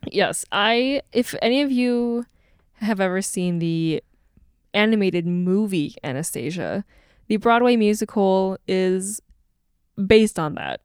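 A woman's voice: mid-range voice, takes it slowly, clear, resonant tone, no room sound, clean studio sound. A young woman co-hosting a podcast at home, telling a story in a casual chat with frequent giggles. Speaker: podcast co-host.

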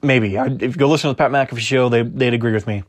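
Male podcast host, mid-pitch, opinionated sports talk that argues with itself. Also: quick pace.

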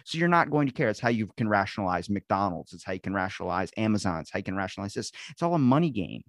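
A man's voice: on the low side, big pitch swings, very fast, no echo, studio quality. A man hosting a podcast, musing at length in a rambling, opinionated way. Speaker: podcast host. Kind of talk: conversational podcast interview.

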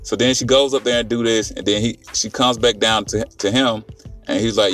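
A man with a lowish voice talks a little fast, casually recapping a film on his podcast in a rambling, profane, animated way full of fillers and restarts. He's recorded from afar with faint music behind.

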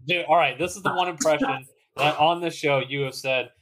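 A man's voice: fairly high pitch, a little fast, a crowd in the background. A man co-hosting a podcast in casual chat, laughing often, swearing freely and restarting his sentences. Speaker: podcast co-host.

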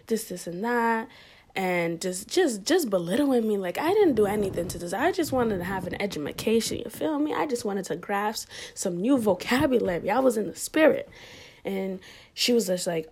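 A young woman telling a personal story in a loose, chatty way. Her voice sits at an ordinary middle pitch, and she fills her speech with "like" and "um". She laughs often and sometimes sinks nearly to a whisper. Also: animated, normal speed, a little mellow, husky. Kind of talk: casual storytelling.

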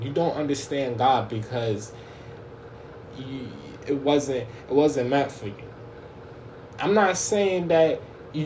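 A man's voice: on the high side, dark tone, reverberant, a little hiss or hum. A man preaching an informal online sermon, fervent and direct, often repeating and restarting his words.

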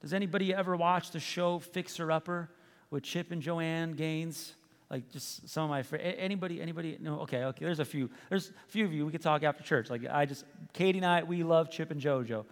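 Joking pastor in a reverberant hall. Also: male voice, a little high, a little fast. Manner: conversational, joking, restarts often. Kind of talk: sermon.

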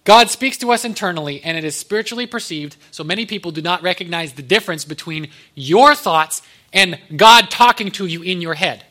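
High, bright-voiced man preaching. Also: animated, a little fast. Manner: conversational, joking asides. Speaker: pastor. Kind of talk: sermon.

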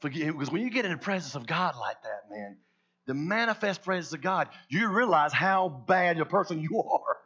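Male pastor, slightly high-pitched, emphatic sermon delivery, muffled lo-fi recording. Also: sing-song, moderate pace, breathy edge. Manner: emphatic preaching that swings between hushed and loud.

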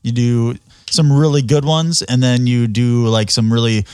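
A man's voice: mid-range voice, fairly even intonation, a little slow, darkish tone, smooth, no echo, clean studio sound. A man hosting a casual interview, rambling through his questions and laughing a lot. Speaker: podcast host.

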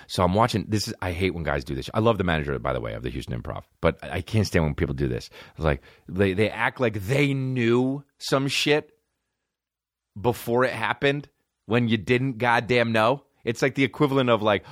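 A young man hosting a comedy podcast, telling a long story in a loose, rambling way that is thick with swearing. He jumps into the voices of the people he quotes and keeps talking over his own restarts. His voice sits on the low side, and the recording is close and dry with no room sound. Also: sing-song, normal speed, dry recording.

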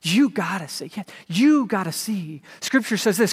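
High-voiced preaching man in echoing hall. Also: lively intonation, moderate pace, breathy edge. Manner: dramatic, swings from loud emphasis to hushed whispers. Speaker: pastor. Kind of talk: sermon. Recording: long hall reverb.

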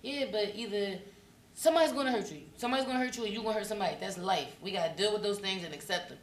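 A woman in her late twenties co-hosting a casual chat, talking with animated passion and plenty of swearing. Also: medium pitch, rapid-fire. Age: late 20s. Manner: animated, passionate, profane, acts out quotes. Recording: echoey room, mic at a distance, faint noise.

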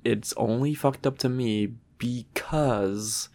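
Laid-back male co-host from Trinidad, easygoing chat, plenty of fillers, mid-pitched voice. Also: slow, a little mellow. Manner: laid-back, swears freely, many fillers. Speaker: podcast co-host. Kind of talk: casual chat.

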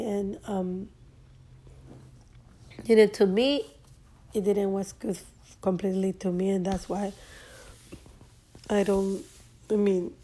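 A woman, talking casually as a guest and pausing often with fillers and restarts. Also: medium pitch, mellow. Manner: hesitant, many fillers and restarts. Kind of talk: casual conversational talk.

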